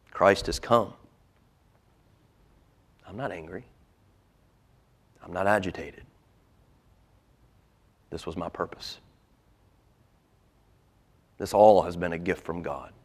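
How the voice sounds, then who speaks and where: A man's voice: sits low, takes it slowly, pauses often, breathy edge, heavily acted. A man preaching a sermon, speaking in first person as an earnest, contented prophet who drops to near-whispers. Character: a humble, contented male prophet speaking of Christ.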